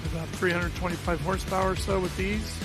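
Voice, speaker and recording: A man providing race commentary in a brisk, enthusiastic broadcast manner. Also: high voice, fairly even intonation, loud music behind the voice.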